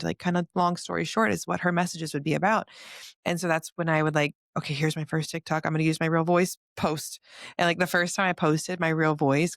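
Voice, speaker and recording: Female podcast host, chatty and gushing, mid pitch, dry close mic. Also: dry recording. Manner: warm gushing storyteller, many "like" fillers. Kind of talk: casual heartfelt chat. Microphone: studio microphone.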